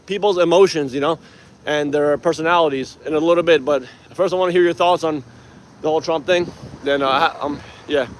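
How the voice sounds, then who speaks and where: Rambling middle-aged man, slightly high voice. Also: a little hiss or hum. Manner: rambling, lots of filler asides. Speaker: live stream host. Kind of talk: casual live stream chat.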